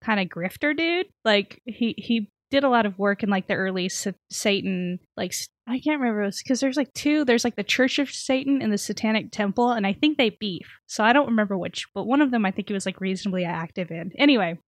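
A woman's voice: medium pitch, fairly quick, hardly any pauses, dry recording. Woman podcasting, rambly and chatty, lots of "like", dry close mic. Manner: chatty, filler-heavy, laughs often. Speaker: podcast co-host. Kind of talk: casual chat recapping a TV episode.

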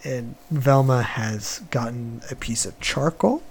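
A man's voice: mid-range voice, slow pace, slightly rough. A man hosting a podcast, casually retelling a cartoon episode in a loose, chuckling, wandering way. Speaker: podcast host.

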